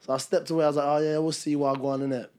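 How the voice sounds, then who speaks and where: A young man, co-hosting a podcast and telling a story in casual chat, acting out what others said. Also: fairly high pitch. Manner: rapid, animated, acts out quotes. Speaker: podcast co-host.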